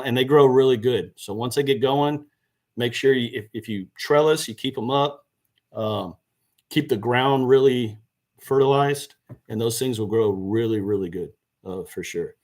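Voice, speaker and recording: A man chatting casually on a gardening live stream, answering viewer questions and correcting himself as he goes. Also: medium pitch. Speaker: gardening channel host. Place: indoors by a seed box.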